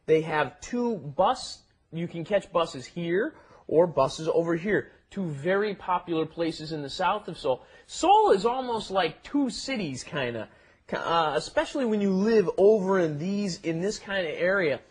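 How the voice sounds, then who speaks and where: A man's voice: sits high, animated, measured pace, husky. A man co-hosting a casual Korean lesson podcast, explaining phrases chattily and tagging points with "right?". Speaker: Korean language teacher co-host.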